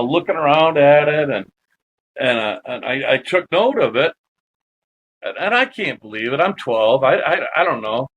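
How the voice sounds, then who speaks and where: A man on a podcast recounts an eerie personal experience, animated and loose, swearing freely as he goes. His voice sits a bit higher than most men's. The delivery is casual storytelling rather than a prepared speech. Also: dull audio, slight background noise. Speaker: guest.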